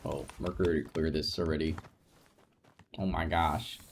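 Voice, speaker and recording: With an extremely low voice, a level tone and an unhurried pace, this game streamer chats casually with his viewers, rambling, emotionally open and reassuring, frequently laughing and starting sentences over. A little hiss or hum sits under the recording.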